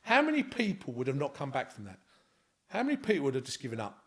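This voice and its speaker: A man's voice: mid-range voice, huge pitch swings, fast talker. A man with a London accent, a podcast guest telling a rambling, earnest story in casual chat. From Scotland. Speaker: interview guest.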